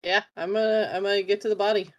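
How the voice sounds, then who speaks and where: A woman's voice: mid-range voice, steady tone, quick pace, muffled recording. A woman playing her character in a tabletop game, talking in a matter-of-fact, playful way. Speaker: player. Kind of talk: casual tabletop play.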